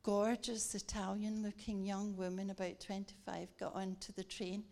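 A woman preaching a sermon, telling a lively story and acting it out with laughter. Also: mid-range voice, normal speed, creaky. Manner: animated, acts out the story with laughter.

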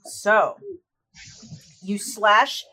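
A woman running a tabletop game as game master, describing the action in a lively, laughing way. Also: mid-range voice, drawn-out words.

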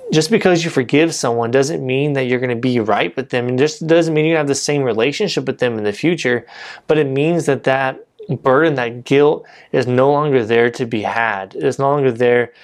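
A man giving a casual, conversational sermon, often saying "you know" and restarting his sentences. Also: medium pitch. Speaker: preacher.

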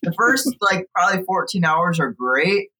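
A man's voice: high-pitched, expressive, normal speed, bright, forceful tone, rough recording. Laid-back young man, slangy. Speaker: guest. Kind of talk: casual chat.

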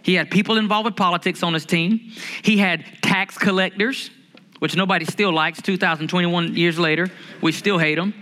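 Male pastor, high bright voice, humorous lively sermon delivery. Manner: lively, humorous preaching with drawn-out emphasis.

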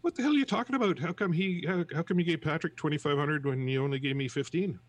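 A man doing an outraged factory worker yelling. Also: on the high side, big pitch swings, fast talker, pitched above the performer's own voice. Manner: shouting in protest.

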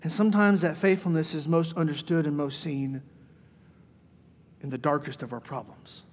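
Preaching a sermon at a moderate pace, a male pastor with a high voice fills a church sanctuary with long reverb. He shifts from soft, hushed moments to lively mock dialogue delivered in a raised voice.

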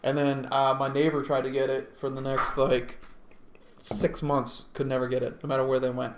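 A man's voice: medium pitch, monotone, normal speed. Joking male co-host, rambling chat, roomy echo, faint hiss behind. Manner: rambling, joking, trails off softly. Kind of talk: casual chat. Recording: echoey room with faint noise.

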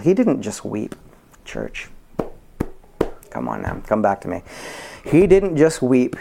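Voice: huge pitch swings, takes it slowly, creaky. A pastor preaching a sermon, asking the congregation rhetorical questions, repeating key words for emphasis and explaining word definitions. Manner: repeats key words for emphasis, dropping to soft low tones and rising high.

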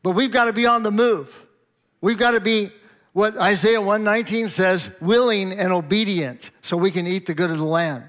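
A man's voice: high voice, moderate pace, fairly bright tone. A middle-aged man, a pastor, tells a personal story in a sermon, chatty and anecdotal, acting out quoted dialogue with light chuckles.

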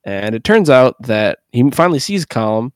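A man's voice: medium pitch, sing-song, normal speed, smooth, no room sound, studio quality. A man co-hosting a podcast in casual chat, laid-back and wry, swearing casually. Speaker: podcast co-host.

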